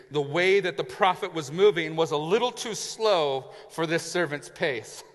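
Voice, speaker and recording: Pastor guy telling a story in a sermon, bright voice, lots of church hall echo. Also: on the high side. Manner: vivid retelling, acting out the characters. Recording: long reverb in a large hall.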